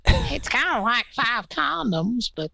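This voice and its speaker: A woman putting on a gravelly, oblivious teacher lady. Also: on the high side, slow pace, slight background noise, full character voice. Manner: hushed, excited, oblivious. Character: naive woman character called teacher lady.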